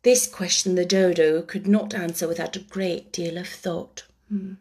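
A woman reading a storybook aloud with an expressive, animated delivery. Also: lowish voice, moderate pace, husky.

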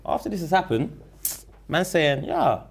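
A young man with a London accent speaks in a fairly high, gravelly voice at a measured pace, with background noise audible. As a guest in a casual interview, he tells a rambling, slang-filled story and becomes animated while retelling it.

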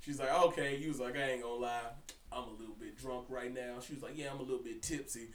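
A young man co-hosting a podcast, telling a story in casual, profane chat with an animated delivery. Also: medium pitch, fast, far from the mic. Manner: animated, profane, breaks into laughter. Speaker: podcast co-host. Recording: roomy echo, somewhat off-mic.

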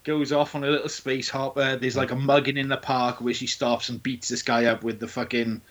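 A man in casual chat, retelling a film in a crude, sweary and animated way and acting out its lines. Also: medium pitch, fairly quick, dull audio.

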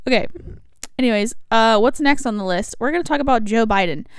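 A woman's voice: a little high, a little fast, smooth, no echo. A young woman co-hosting a podcast in playful, jokey casual chat. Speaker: podcast co-host.

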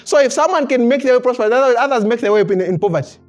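Speaking at an extremely high pitch and very fast, this pastor delivers a sermon to a church congregation over soft background music. He keeps chuckling and restarting his phrases, repeating words in an animated push toward his point.

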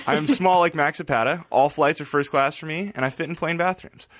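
A man's voice: on the high side, a little fast, few pauses, a bit bright, no echo, studio quality. A man on a group podcast reading a listener review aloud with a wry delivery. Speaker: podcast regular.

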